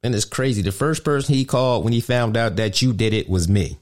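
A podcast host rants indignantly and briskly in casual, profane street slang. His voice often jumps high for emphasis.

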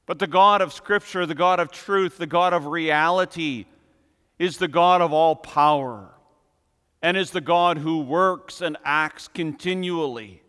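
Guy preaching a sermon in a church, bright forceful voice, long echoey reverb. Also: on the high side, clear, resonant tone. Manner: measured, emphatic repetition. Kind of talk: expository sermon.

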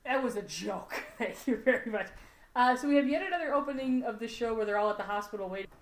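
A woman's voice: on the high side, fast talker. A woman co-hosting a podcast, recapping an episode in casual chat, giggling and acting out the characters' lines. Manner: chatty, giggly, acts out characters' lines in quotes. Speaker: podcast co-host. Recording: roomy echo.

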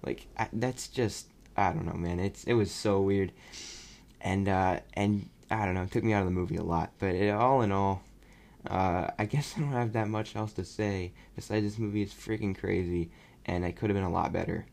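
Gravelly-voiced young man rambling. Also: low-pitched, moderate pace. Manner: rambling, animated, mocking voices when quoting. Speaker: podcast host. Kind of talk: casual movie review.

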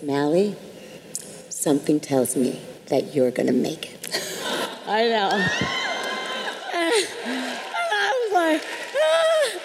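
A middle-aged woman telling a story on a live panel, animated and laughing, acting out what people said. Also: a little high, slight background noise. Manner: animated, laughing, acts out quotes. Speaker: panel speaker. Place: large hall with audience. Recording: hall reverb, faint ambience.

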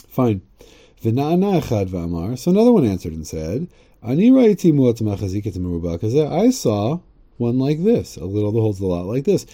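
Dark-voiced rambling man teaching. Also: mid-range voice, huge pitch swings, moderate pace. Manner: rambling, joking asides, frequent "right?"; reads Hebrew text aloud and translates. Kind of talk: casual Torah lesson podcast.

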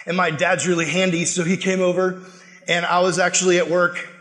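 A man with a noticeably high-pitched voice delivers a sermon. He tells stories animatedly, acting out what people said. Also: fairly quick. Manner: animated, acts out quotes and laughs while telling stories. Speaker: preacher. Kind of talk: sermon with personal storytelling.

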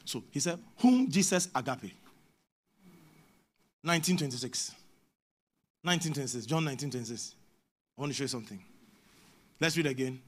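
A man with a Ghanaian English accent preaching a sermon as a prophet, moving between hushed asides and shouted exhortation. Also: medium pitch, fast, pauses often.

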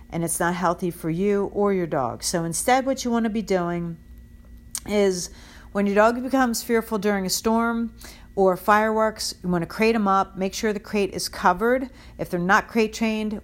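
A woman with a slightly low voice speaks as a dog trainer. She offers frank, practical guidance in a relaxed, conversational way, pausing often on ums and you-knows as she works through her points. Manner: direct and instructive, with many fillers. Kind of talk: casual spoken advice.

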